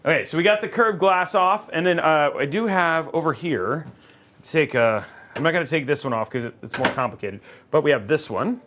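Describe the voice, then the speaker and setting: A man's voice: fairly high pitch, moderate pace, a bit bright, a little hiss or hum. Chatty, upbeat man hosting a livestream. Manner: chatty, upbeat, rambling with fillers. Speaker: livestream host building a PC. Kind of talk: casual live-stream chat. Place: studio.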